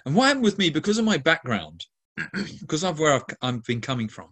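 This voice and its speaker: A man's voice: fairly high pitch, big pitch swings, brisk, fairly bright tone, breathy edge. A man leading a Christian ministry, answering interview questions in an earnest way, often restarting and stacking lists of emphatic words. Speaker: ministry leader.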